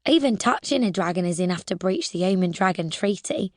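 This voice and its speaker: A woman narrating a first-person adventure audiobook in a lively, expressive way, now and then dropping to a whisper. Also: fairly low pitch, fairly quick, dry recording, clean studio sound.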